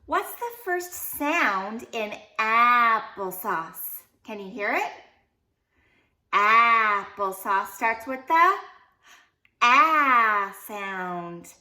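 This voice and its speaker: A young woman with a high, bright voice leads a children's phonics lesson. She talks slowly and playfully, breaking into short sung lines as she sounds out letters. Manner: playful, animated, sings short song lines. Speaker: teacher.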